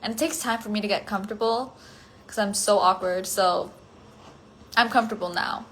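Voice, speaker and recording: A woman's voice: medium pitch, moderate pace, a bit bright, a little hiss or hum, poor audio. A woman chatting casually on a phone livestream, answering fan comments. She is giggly and self-conscious, with lots of "like" fillers.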